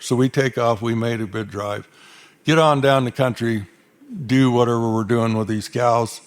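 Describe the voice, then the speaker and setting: With a steady, medium-pitched voice at normal speed, an older man from Arizona performs cowboy stories for a live audience onstage. He delivers them in a folksy drawl with a dry sense of humor.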